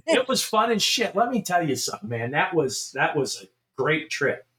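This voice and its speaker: A middle-aged man co-hosting a casual podcast tells a long story animatedly, swearing and laughing along the way. His voice sits on the high side, and he speaks at a moderate pace.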